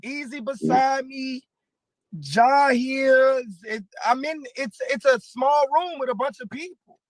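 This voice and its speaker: A man in an interview clip, telling a story in a halting, rambling way with many pauses and restarts. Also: very high voice, lively intonation, no echo, poor audio. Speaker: battle rapper in interview clip.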